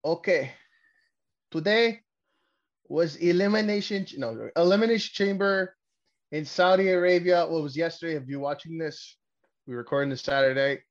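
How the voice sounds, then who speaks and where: Profane, excitable podcast host, lo-fi. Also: male voice, fairly high pitch, moderate pace. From Canada. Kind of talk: casual wrestling podcast chat.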